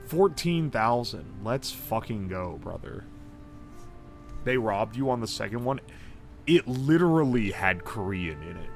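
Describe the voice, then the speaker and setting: Excitable, foul-mouthed man streaming. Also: mid-range voice, unhurried, creaky, soft background music. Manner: excitable and profane, swearing and yelling in disbelief; reads out ingredient lists, then reins himself in to talk calmly. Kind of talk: live-stream gaming commentary.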